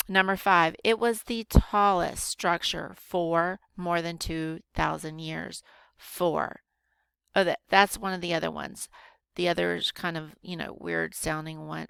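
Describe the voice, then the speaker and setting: Patient teacher woman, gravelly voice. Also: on the low side, fairly even intonation, takes it slowly, a bit bright, dry recording. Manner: patient, explains step by step with frequent ums. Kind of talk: recorded grammar lesson.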